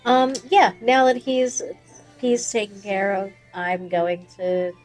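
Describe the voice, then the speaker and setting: A woman's voice: mid-range voice, takes it slowly, a little mellow, soft background music. A woman playing her character in a tabletop game, speaking hesitantly and politely. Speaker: player.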